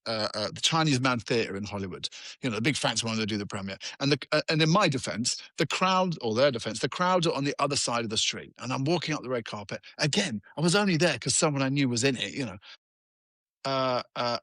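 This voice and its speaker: A man's voice: mid-range voice, animated, fast, fairly bright tone, no room sound. Rambling self-deprecating man. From England. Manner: self-deprecating, rambling storyteller with many restarts. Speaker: guest. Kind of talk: casual chat.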